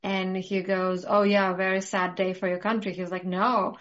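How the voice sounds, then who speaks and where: A woman's voice: medium pitch, little pitch movement, normal speed, a bit bright. A woman hosting a casual talk, ranting passionately with strong conviction. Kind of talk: casual conversation. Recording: muffled lo-fi audio.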